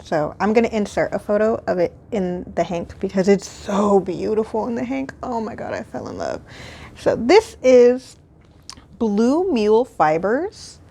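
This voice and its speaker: A woman talks casually on her own podcast. She is gushing and excitable, and she pokes fun at herself between the chatty asides. Her pitch sits in the middle range for a woman. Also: a little slow, gravelly, slightly rough. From Houston, Texas. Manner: excitable, gushing, self-mocking. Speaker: podcast host. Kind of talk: casual solo chat.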